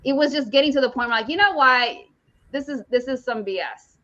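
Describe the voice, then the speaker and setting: A woman co-host with a fairly high voice tells a personal story, repeating herself for emphasis. The sound is a bit dull and lo-fi. She talks in a casual, animated way. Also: a little fast. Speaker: podcast co-host. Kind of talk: casual chat. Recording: dull lo-fi audio.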